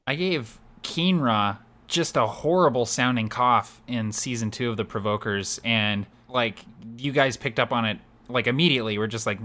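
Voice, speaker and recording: A man in a casual podcast chat, animated and rambling, full of fillers. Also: medium pitch, moderate pace, few pauses. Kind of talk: casual chat about voicing game characters.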